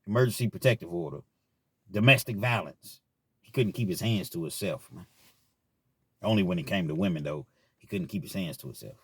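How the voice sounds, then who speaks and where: A man's voice: fairly low pitch, no echo. A man telling a personal story in casual, slangy talk as a vlog host. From Kentucky, US.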